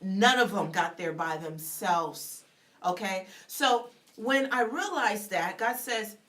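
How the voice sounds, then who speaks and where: A woman's voice: mid-range voice, slow pace, a bit bright. A woman author, a guest on a radio show, giving an emphatic faith testimony in a repetitive, preacher-like cadence and acting out the dialogue in her story. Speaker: author and public speaker, guest.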